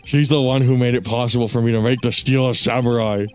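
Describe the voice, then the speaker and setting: A man voicing a shy, soft-spoken male actor in a put-on British accent, mumbling quietly while reading game dialogue aloud. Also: medium pitch, fairly even intonation, brisk, clean tone, soft background music, close to an everyday voice. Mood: subdued.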